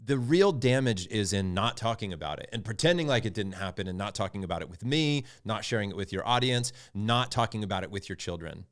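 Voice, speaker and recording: A middle-aged man speaking as a podcast guest, talking candidly and reflectively about fatherhood and getting animated as he recounts stories. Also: lowish voice, a little fast, few pauses. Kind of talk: candid conversational storytelling.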